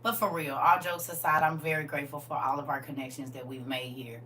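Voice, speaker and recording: A woman hosting a casual livestream chat with her viewers, swinging from soft murmurs to loud, excited exclamations. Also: low-pitched, fairly quick. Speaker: livestream host. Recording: distant mic with faint background hum.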